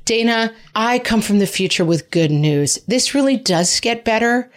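A woman's voice: medium pitch, very animated, moderate pace. A woman hosting a parenting podcast, giving frank, chatty advice and poking fun at herself. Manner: frank, chatty, self-mocking. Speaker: podcast host answering parenting questions. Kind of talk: casual advice chat.

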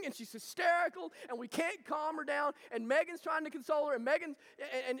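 A man, preaching a sermon and swinging from loud to hushed. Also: very high-pitched, vocal fry. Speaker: pastor. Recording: long hall reverb.

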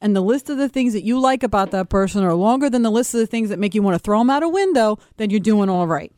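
A woman's voice: mid-range voice, expressive, quick pace, a little mellow, no room sound, studio quality. A woman co-hosting a radio talk show, giving blunt, sassy opinions in casual banter. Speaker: radio co-host.

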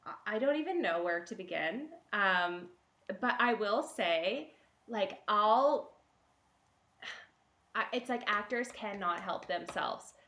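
A woman's voice: mid-range voice, slow. A woman who works as a casting director and producer, telling stories in a casual interview and laughing often. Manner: animated, laughing storyteller. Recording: roomy echo.

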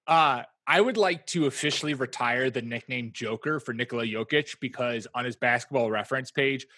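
A man co-hosting a casual podcast chat, animated and joking, rambling through restarts. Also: medium pitch, brisk, dry recording. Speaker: podcast co-host.

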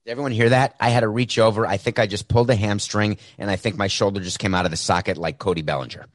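A man's voice: fairly low pitch, steady tone, fast, no echo. A man hosting a sports talk show, delivering a sarcastic, mocking monologue into a desk microphone. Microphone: desk mic with mute button.

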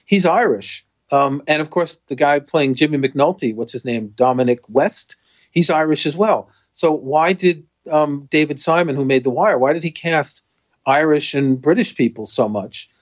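A man's voice: a little high, moderate pace. A man from the United States, a podcast guest in casual chat, musing aloud and often trailing off.

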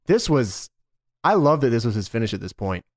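A man's voice: medium pitch, sing-song, a little fast, dry recording. A man in casual podcast chat, recapping wrestling with loose laughs and cursing. His voice is close and dry, with no room sound around it. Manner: laughing, swearing, recapping with mock quotes. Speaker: podcast co-host.

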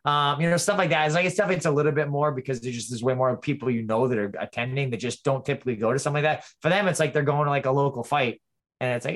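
Guy being interviewed, talks super fast, keeps going "you know" and circling back. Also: medium pitch, fairly bright tone. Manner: rambling, many restarts and "you know". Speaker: fighter, guest. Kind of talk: casual interview chat.

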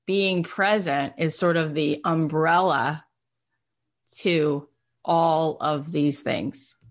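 Eager woman host, fairly low voice. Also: fairly even intonation, very slow. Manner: enthusiastic, uses "like" often. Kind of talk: casual interview.

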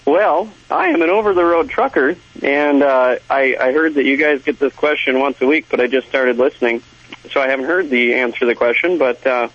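A man from Minnesota calling into a radio show, a trucker who talks in a hesitant, halting way. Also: mid-range voice, fairly bright tone, dry recording. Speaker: caller, trucker. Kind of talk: radio call-in. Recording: dull lo-fi radio audio.

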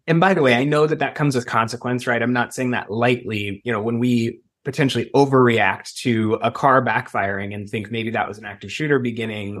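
A man talks through his expert advice in an earnest, measured way. His voice sits at an ordinary mid pitch, with a conversational interview feel. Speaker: school safety expert guest. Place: Los Angeles.

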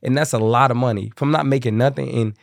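A young man from Kansas City, a guest telling profane, animated stories and acting out the people in them. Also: mid-range voice, fast talker, gravelly, no room sound, studio quality. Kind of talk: casual storytelling.

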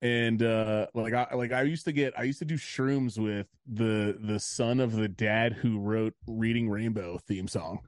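A man's voice: on the low side, steady tone, a little slow, few pauses, dry recording, clean studio sound. Profane rambling man telling a story. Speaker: podcast co-host. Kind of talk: casual storytelling chat.

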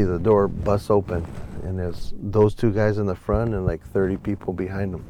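A man's voice: deep voice, moderate pace, background noise. A man, a photographer guest telling a long story in a casual, profane interview. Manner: profane, animated anecdote with quoted voices.

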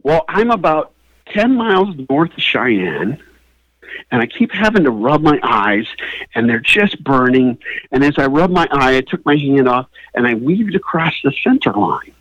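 Animated storytelling man, lively pitch. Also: measured pace, no room sound, dull audio. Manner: animated, builds to high excited peaks. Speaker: comedian guest. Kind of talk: comic storytelling.

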